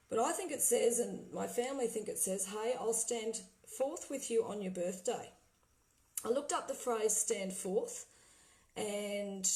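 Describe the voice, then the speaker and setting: Woman host of a casual livestream vlog, excitable and chatty, mid-range pitch. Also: low-quality recording. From Australia. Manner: excited, trailing off, laughing often. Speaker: vlogger playing spirit recordings.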